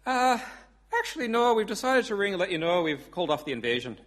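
A man's voice: high-pitched, sing-song, quick pace, a bit bright. A man voicing a cheerful Irish pub man making phone calls, with an Irish accent and chatty, hesitant delivery. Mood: breezy. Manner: chatty, breezy, with hesitant fillers.

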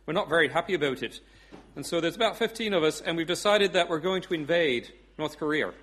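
Man putting on a breezy Irish pub bloke, higher voice, chatty and halting. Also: animated, a bit bright. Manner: chatty, breezy, with hesitant fillers.

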